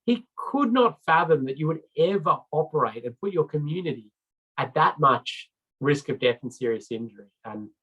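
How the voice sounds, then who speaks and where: A middle-aged Australian road safety trainer gives an informal training presentation, chatty and rambling with many fillers and restarts. His voice is a little high, animated, husky, and fairly bright, at a moderate pace. The recording is slightly dull and lo-fi.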